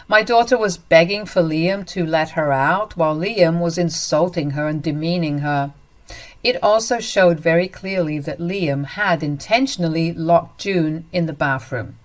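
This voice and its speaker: A woman narrating a first-person family story in an earnest, indignant way. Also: on the low side.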